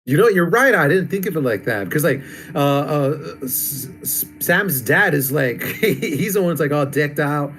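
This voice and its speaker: A man co-hosting a relaxed comic book discussion, easygoing and quick to laugh. He drifts through his points with plenty of fillers. A faint hiss of noise sits under his voice. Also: a little high. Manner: laid-back, laughs often, trails off with fillers. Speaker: podcast co-host.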